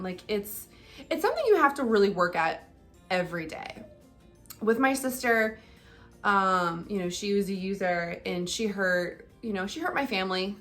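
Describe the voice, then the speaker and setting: A woman's voice: mid-range voice, animated, moderate pace, soft background music. A young adult woman talking candidly in a casual vlog, conversational and full of fillers like "like" and "um". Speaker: vlogger. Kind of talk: casual personal vlog talk.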